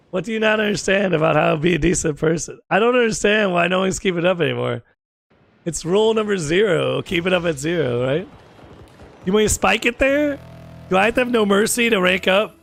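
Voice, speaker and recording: A young man with a hoarse, sore throat, chatting casually with viewers while streaming a game and swearing freely. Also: sits high, a bit bright. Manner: chatty, swears freely, calls people dude. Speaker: gaming streamer. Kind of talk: casual gaming chat with viewers. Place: home gaming setup.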